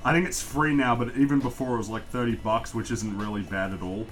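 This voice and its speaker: A man's voice: mid-range voice, fairly even intonation, brisk, soft background music. A man with an Australian accent chatting casually on a livestream while he draws and answers questions from chat. He rambles, pokes fun at himself and laughs often.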